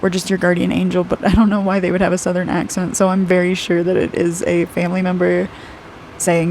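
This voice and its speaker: A woman's voice: lowish voice, monotone, a little fast, a little mellow, slight background noise. A woman in her twenties giving a casual intuitive aura reading while she draws, chatty and rambling, dropping "like" often and laughing a lot. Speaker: aura reader and artist.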